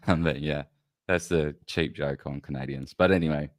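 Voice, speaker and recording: A very deep-voiced man hosts a casual chat, cursing freely and cutting himself off mid-sentence. The sound is dry and close, with no room behind it. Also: dry recording. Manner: rambling, profane, self-interrupting. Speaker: podcast host. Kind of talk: casual chat while showing clips.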